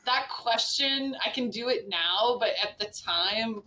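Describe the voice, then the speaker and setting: A woman's voice: a little high, takes it slowly, bright, forceful tone, distant mic, poor audio. A woman in her forties speaking frankly as a podcast guest, in a conversational way with frequent "like" and "right?". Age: 40s.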